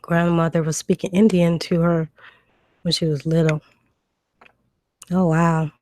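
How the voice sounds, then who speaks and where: A woman's voice: fairly low pitch, little pitch movement, measured pace, a little mellow, slight background noise. A woman hosting a casual livestream, reading out viewer questions and answering them with many ums and restarts, a cough drop in her mouth. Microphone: new desk microphone.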